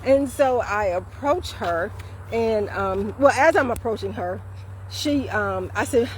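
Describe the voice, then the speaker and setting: A woman in her fifties, a vlog host, casually retelling a story in a chatty, animated way with fillers. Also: fairly high pitch, slow pace, a little hiss or hum. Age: 50s.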